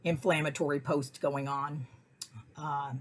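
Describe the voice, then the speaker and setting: A middle-aged woman telling personal stories in a casual, chatty way, often acting out what people said in high voices. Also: measured pace, slight background noise. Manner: chatty, animated, acts out quotes in high voices. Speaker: weekly message host.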